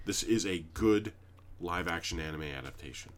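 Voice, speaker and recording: A man's voice: low-pitched, measured pace, a bit bright. A man co-hosting a podcast, talking casually, emphatic and heavy on swearing. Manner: profane, emphatic, with frequent fillers. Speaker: podcast co-host. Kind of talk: casual chat.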